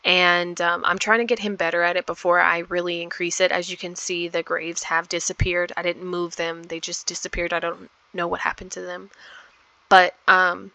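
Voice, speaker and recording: A woman's voice: lowish voice, level tone, normal speed, creaky, pushed and bright, no room sound. A woman casually talking through her life-simulation gameplay, rambling with many fillers. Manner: chatty, rambling with many ums. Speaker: gameplay vlogger. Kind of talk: casual game commentary.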